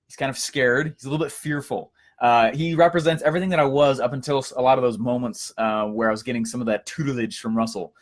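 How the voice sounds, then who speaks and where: A young man giving a casual coaching lesson, energetic and storytelling, with frequent fillers and restarts. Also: medium pitch, quick pace, hardly any pauses. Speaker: course instructor.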